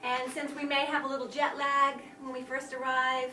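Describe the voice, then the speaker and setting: A woman leading a casual phrase lesson for a travel group, repeating each phrase slowly in a chatty way with fillers. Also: little pitch movement, sharp tone. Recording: roomy sound from a distant mic, faint rumble.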